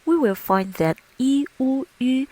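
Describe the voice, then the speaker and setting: A woman teaching a language lesson slowly and patiently, modelling sounds with clear, deliberate speech. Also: warm tone, poor audio. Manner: clear, deliberate, models each tone with exaggerated pitch. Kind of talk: slow, patient pronunciation lesson with drills.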